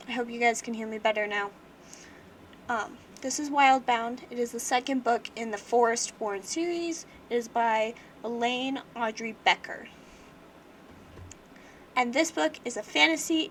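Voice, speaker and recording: A woman's voice: a little high, moderate pace, fairly bright tone, slight background noise. A young woman casually chatting on a livestream, rambling with lots of fillers and restarts as she talks through a book. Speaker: livestream host. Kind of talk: casual book review chat.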